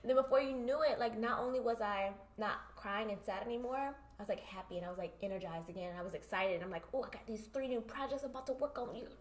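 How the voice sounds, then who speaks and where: A woman's voice: a little high, quick pace, hardly any pauses, noisy background. A woman co-hosting a podcast in casual chat, telling personal stories and acting out both sides of the conversations. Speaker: podcast co-host. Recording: echoey room.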